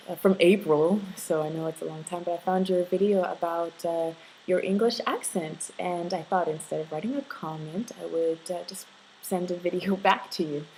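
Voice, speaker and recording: A woman's voice: lowish voice, a little mellow, slight background noise, rough recording. A middle-aged woman giving accent tips in a casual video reply, hesitant with many ums and uhs, patiently explaining.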